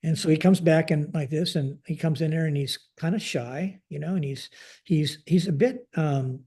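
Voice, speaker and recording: A man's voice: on the high side, moderate pace, husky. An older man, a retired Air Force general, telling a story in a podcast interview and acting out the dialogue, with many fillers. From United States. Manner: animated retelling with acted-out dialogue, frequent fillers. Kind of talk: conversational storytelling.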